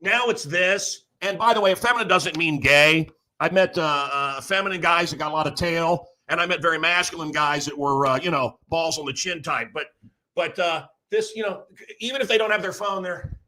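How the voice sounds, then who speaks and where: A man's voice: fairly high pitch, normal speed, pushed and bright. A middle-aged man hosting a show, rambling through opinionated stories and acting out the voices of people he quotes. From Chicago area. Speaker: radio host. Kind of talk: casual opinionated monologue.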